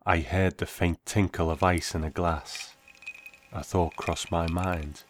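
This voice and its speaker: A man narrating a first-person story in a measured, reflective way. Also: deep voice, steady tone, slight background noise.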